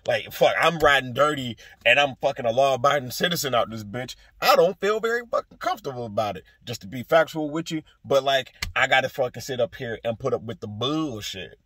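A man's voice: mid-range voice, lively intonation, a little fast, few pauses, pushed and bright. A young man ranting to camera in a profane, rambling, exasperated way. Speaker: soldier venting. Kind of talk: casual rant to camera.

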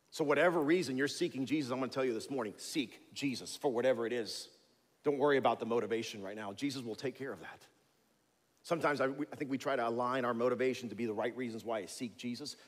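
A male pastor preaching in a church sanctuary with a conversational, animated, storytelling delivery and a mid-range voice. His words carry a long reverb from the hall. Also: mid-range voice, slightly rough. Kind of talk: sermon.

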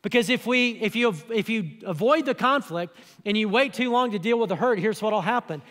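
A male pastor delivers a sermon in a relaxed, conversational way, unpacking scripture for the congregation. His voice sits high for a man. The church auditorium around him adds a long, trailing reverb. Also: fairly quick. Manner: conversational preaching, explaining scripture.

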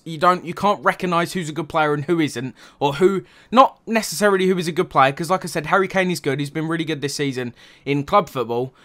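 A man's voice: on the high side, bright, forceful tone. Furious young man ranting. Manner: furious, sarcastic, swearing, repeats "right?". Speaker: football fan vlogger. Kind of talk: angry football rant.

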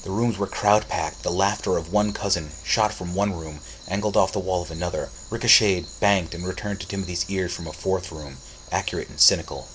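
A man narrating a story as an audiobook reading, with steady, dramatic storytelling. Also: low-pitched, a little fast, a little hiss or hum, poor audio.

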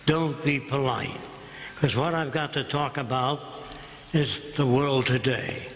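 A man's voice: on the high side, vocal fry, fairly bright tone. An older man giving a public lecture in a blunt, combative and sarcastic way. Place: lecture hall. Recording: echoey hall, room noise.

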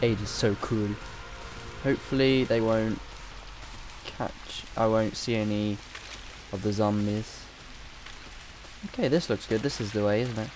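A man's voice: fairly low pitch, fairly even intonation, measured pace, pauses often, music in the background. A young man, a bit ill, chatting and rambling distractedly as he comments on his gameplay. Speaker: gamer. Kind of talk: let's play commentary.

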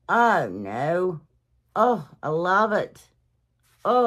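A woman hosting a DIY channel, chatting casually to her viewers in a rambling, gushing, emotional way, sometimes dropping to a soft whisper. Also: fairly low pitch, big pitch swings, very slow, long pauses.

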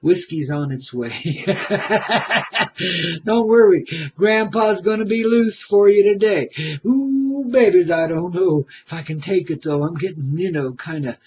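A man's voice: high-pitched, moderate pace. An older man hosting a comic radio show, hip and jokey, calling his listeners baby and a little out of breath. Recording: dull lo-fi recording.

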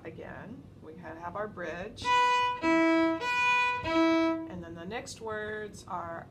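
A patient female violin teacher talks through each step in a calm, even voice of ordinary pitch. She explains slowly and encourages the learner, with fiddle playing clearly heard between her words. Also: loud music behind the voice. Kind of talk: step-by-step instrument lesson.

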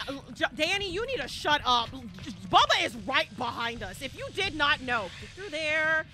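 Female streamer, tone, animated live horror-game commentary, high and lively. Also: moderate pace, background noise. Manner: chatty, dramatic, swings from hushed to shrieking.

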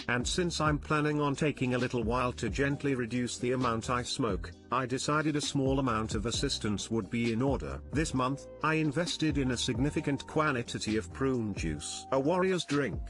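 A man's voice: mid-range voice, fairly bright tone. Man narrating posts over faint music. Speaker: narrator reading online posts. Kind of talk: scripted narration.

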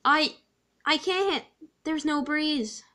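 A woman's voice: sits high, slow pace, bright, forceful tone, pitched above the performer's own voice, exaggerated voice. A woman voicing a timid male boat on rails who speaks hesitantly and apologetically.

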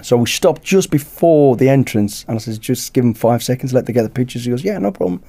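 Mellow-voiced British man telling a story. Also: mid-range voice, brisk, gravelly. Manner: lively anecdote-teller who acts out dialogue. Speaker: podcast guest, former bodyguard. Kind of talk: storytelling in casual chat.

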